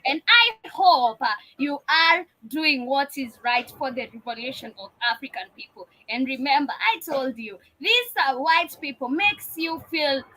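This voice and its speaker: A woman's voice: sits high, expressive, measured pace, hardly any pauses, pushed and bright, low-quality recording. A woman host, speaking in an impassioned, emphatic way with frequent "uh"s. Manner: impassioned, emphatic, says "uh" often. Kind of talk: talk show commentary.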